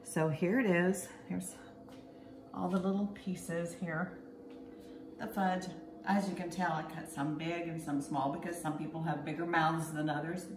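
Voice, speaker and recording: A woman with a lowish voice runs a casual home cooking demo, chatty and a little bossy as she walks through each step. She is recorded in an echoey kitchen with clear noise in the background. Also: flat delivery, unhurried. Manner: chatty and a bit bossy, giving step-by-step instructions. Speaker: cooking show host.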